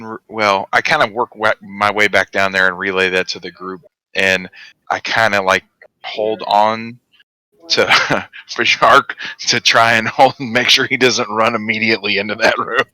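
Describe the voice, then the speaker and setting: A man playing a tabletop game, talking through his character's moves in a chatty way. He laughs easily. His voice is low-pitched but bright, on a dry, close recording. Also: fairly even intonation, measured pace, no room sound, low-quality recording. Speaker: player.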